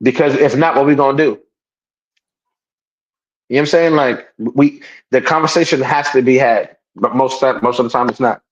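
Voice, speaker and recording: A man's voice: medium pitch, normal speed, dull audio. A man co-hosting a podcast in casual chat, talking emphatically, repeating himself and restarting his sentences. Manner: acts out quoted people in raised voices. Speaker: podcast co-host.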